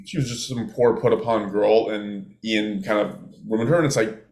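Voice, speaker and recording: A man's voice: on the low side, fairly even intonation, moderate pace, darkish tone. A man co-hosting a podcast, chatting and joking as he starts telling a true-crime story. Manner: chatty, joking, trails off and restarts. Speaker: podcast co-host. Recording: roomy echo.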